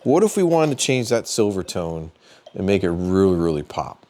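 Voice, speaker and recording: Low-voiced man giving a casual how-to. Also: normal speed, background noise. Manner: relaxed, plain-spoken, thinking aloud with fillers. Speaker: metal detecting channel host.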